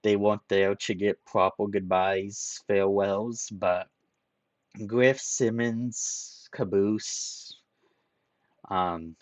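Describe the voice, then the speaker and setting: A young man giving an emotional, rambling solo review of a series, halting with repeats and fillers, close to tears. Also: low voice, no room sound. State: tearful, emotional. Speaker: video reviewer.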